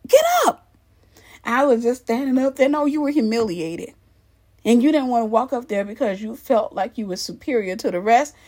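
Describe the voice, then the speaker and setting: Emphatic woman with a higher voice. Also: brisk. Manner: emphatic and animated, acts out the people she mocks. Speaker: church volunteer and commentator. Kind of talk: candid commentary on church culture.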